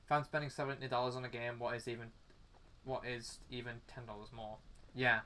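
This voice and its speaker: A man's voice: mid-range voice, flat delivery, a little fast, bright, forceful tone. Chatty British guy streaming a game. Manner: rambling, chatty, lots of fillers and restarts. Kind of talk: casual chat while gaming. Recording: faint background music.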